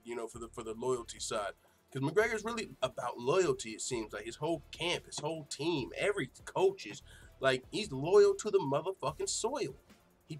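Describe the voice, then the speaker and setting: A man hosting a casual livestream show, reading viewer comments aloud and reacting in an animated, profane way, laughing often. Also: fairly high pitch. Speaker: MMA show host.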